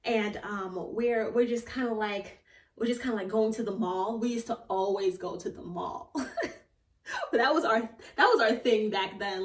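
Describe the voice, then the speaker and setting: A young woman, a theatre actor, telling a personal story in a casual vlog, animated and often laughing or squealing with excitement. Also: a little high, normal speed. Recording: echoey room, voice a bit far from the mic.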